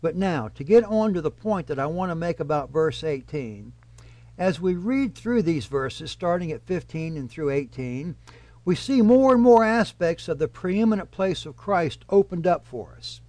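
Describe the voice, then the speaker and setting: A man preaching a Bible study sermon in a measured, emphatic teaching manner. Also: fairly high pitch, lively intonation, darkish tone, dry recording. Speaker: pastor.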